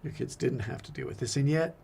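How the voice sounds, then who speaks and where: A man's voice: mid-range voice, a little fast, vocal fry, dark tone, slight background noise. A man, a priest, talking earnestly and reflectively in a casual faith conversation, often repeating his words.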